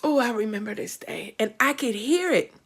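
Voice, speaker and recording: Gravelly-voiced woman telling a church memory. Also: on the high side, lively intonation, moderate pace. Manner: reflective, rising to emphatic testimony. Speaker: host. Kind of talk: personal storytelling on a livestream.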